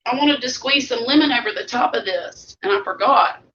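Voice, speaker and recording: A woman's voice: a little high, normal speed, fairly bright tone, slight background noise. A middle-aged woman with a Southern US accent, chatting casually with viewers on a live stream while she eats. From Mississippi Gulf Coast. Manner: chatty, homey, talks while eating. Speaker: vlog host. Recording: dull lo-fi live stream audio.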